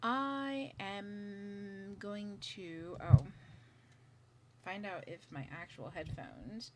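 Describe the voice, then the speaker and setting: A woman's voice: mid-range voice, drawn-out words. A woman hosting a casual livestream, chatting and thinking aloud while fixing her setup, sometimes whispering asides to herself. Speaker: livestream host. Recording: audible clicking noise.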